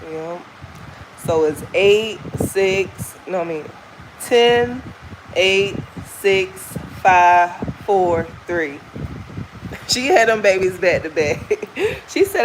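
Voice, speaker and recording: A Southern woman from the United States vlogs while out on a walk, chatting candidly and folksily in her Southern accent. Her mid-range voice is sing-song and extremely slow. The recording is rough, with slight background noise.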